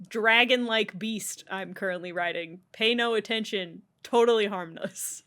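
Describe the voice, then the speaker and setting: A woman's voice: medium pitch, a little slow. A woman co-hosting a podcast, sarcastically retelling a book's scenes in casual chat. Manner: animated, sarcastic, laughs often while retelling. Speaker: podcast co-host. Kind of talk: casual book discussion.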